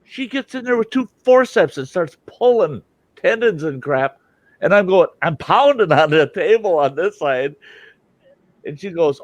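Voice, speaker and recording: Older man telling a lively story. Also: fairly high pitch, moderate pace, dry recording, muffled recording. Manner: animated, acts out quoted voices. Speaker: storytelling host. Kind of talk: casual storytelling.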